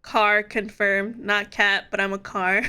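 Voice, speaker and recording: A woman's voice: medium pitch, flat delivery, takes it slowly, bright, forceful tone, clean tone. A woman live-streaming in casual chat, playful and giggly, swearing freely.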